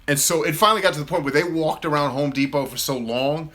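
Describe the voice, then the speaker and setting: A man in his thirties hosting a live Q&A, telling a casual story in an animated way and acting out his own replies. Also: fairly high pitch, fast talker. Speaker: host of a live Q&A.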